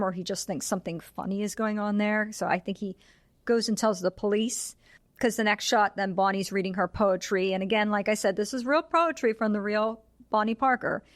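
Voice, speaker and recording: A woman of middling pitch co-hosts a casual film podcast. She retells scene after scene in a chatty way and slips into quick quoted lines from the characters. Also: no echo. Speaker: podcast co-host.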